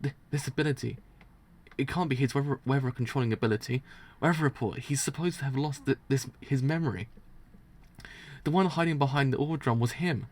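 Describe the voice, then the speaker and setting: A man voicing a cold, scheming male priest villain while reading a manga aloud, muttering and counting prime numbers to steady himself. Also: mid-range voice, brisk, close to an everyday voice. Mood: tense.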